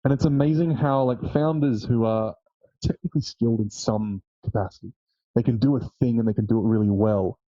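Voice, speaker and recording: A man interviewing a guest in a casual podcast chat. He is relaxed and keeps agreeing and reflecting points back. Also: medium pitch, fairly quick, no echo. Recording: dull, dry lo-fi sound.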